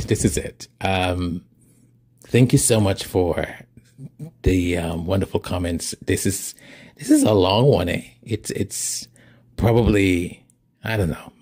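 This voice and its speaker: A man's voice: low voice, a little mellow, breathy edge. A man hosting his channel, chatting casually with viewers, hesitant and repeating himself, laughing often. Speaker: channel host.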